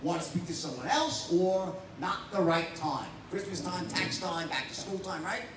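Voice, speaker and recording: A man running a live sales training, telling stories in a blunt, animated way with frequent "right?" and swearing, at a whiteboard. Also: high voice, normal speed, background noise. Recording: roomy echo from a distance.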